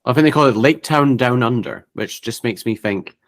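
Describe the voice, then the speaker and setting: A man's voice: medium pitch, normal speed. A man co-hosting a casual tabletop gaming podcast over a call, reading out long lists with frequent fillers and restarts. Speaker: podcast co-host. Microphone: remote call.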